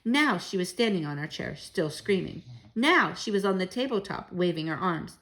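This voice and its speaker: Expressive female storyteller reading to children, lively pitch. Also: moderate pace, low-quality recording.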